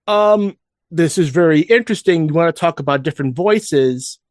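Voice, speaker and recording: A man's voice: fairly high pitch, expressive, normal speed, no echo, clean studio sound. A man co-hosting a casual fan podcast, rambling with frequent restarts and asides. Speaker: podcast co-host.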